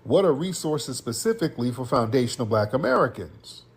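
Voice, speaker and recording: A man's voice: medium pitch, very animated, a little fast, vocal fry, slightly rough. A man giving political commentary in an emphatic, scolding way.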